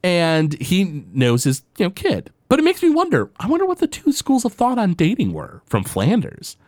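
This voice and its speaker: Man, podcast co-host, casual chat, lively voice swinging up and down, slightly high, dry close sound. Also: no room sound. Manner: animated, many fillers, jumps into quick character impressions. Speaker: podcast co-host recapping an episode.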